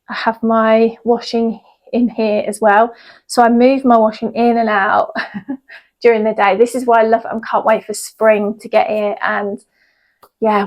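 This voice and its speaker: A woman's voice: a little high, darkish tone, low-quality recording. A woman, a yoga teacher chatting casually in a home vlog, rambling with lots of ums. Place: at home in her yoga room.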